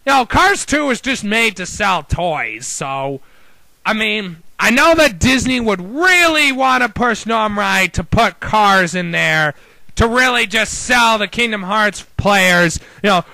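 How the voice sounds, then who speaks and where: High-voiced, gravelly man ranting. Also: lively intonation, unhurried, bright, forceful tone, dry recording, rough recording. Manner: opinionated, rambling, exasperated rhetorical questions. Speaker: video game commentator. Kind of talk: casual opinion rant.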